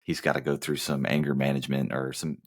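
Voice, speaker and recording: Very deep-voiced man co-hosting a podcast. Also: little pitch movement, fast talker. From Southern United States. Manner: teasing, rambling plot summaries. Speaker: podcast co-host. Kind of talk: casual movie-review chat.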